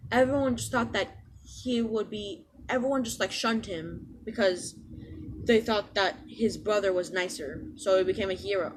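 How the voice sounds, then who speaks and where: A woman voicing a young male villain who is earnestly talking someone into joining, in a rushed, run-on way. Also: background noise, close to an everyday voice. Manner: rushed, run-on persuasive pitch.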